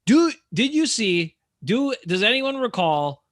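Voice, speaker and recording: A man co-hosting a casual sports podcast, ranting in an animated, exasperated way. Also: very high voice, slow pace, no room sound, studio quality. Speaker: podcast co-host.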